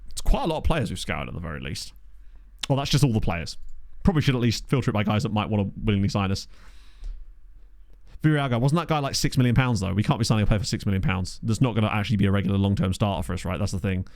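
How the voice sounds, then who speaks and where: Chatty man, lively pitch. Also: fast talker, vocal fry, no echo, studio quality. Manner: chatty, jokey, thinking aloud. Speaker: gaming commentator. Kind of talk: casual game commentary. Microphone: studio desk mic.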